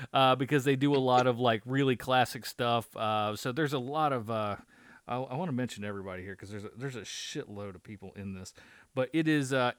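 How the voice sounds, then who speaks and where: A man's voice: medium pitch, normal speed, a bit bright, no echo, studio quality. Casual, cursing podcast man. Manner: rambling, profane, filler-heavy. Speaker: podcast co-host reviewing movies. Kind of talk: casual chat.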